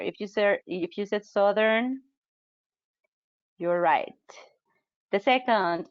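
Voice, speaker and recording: A woman's voice: medium pitch, clear, resonant tone, dry recording. Upbeat woman teacher. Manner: upbeat, chatty, reacts to chat comments. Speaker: English teacher trainer. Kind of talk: online webinar teaching. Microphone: computer mic on a video call. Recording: dull, dry webinar audio.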